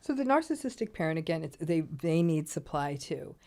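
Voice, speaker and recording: Woman psychologist guest, middle-aged, low-ish voice, clinical and measured. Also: very animated, creaky, mellow. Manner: measured, clinical, explains step by step. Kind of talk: explanatory interview talk.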